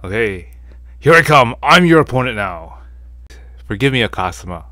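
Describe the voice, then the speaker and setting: A man's voice: fairly low pitch, expressive, a little slow, a bit bright, faint music behind. A man voicing a plucky, boastful schoolgirl heroine as a masked Cinderella in a comic. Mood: triumphant.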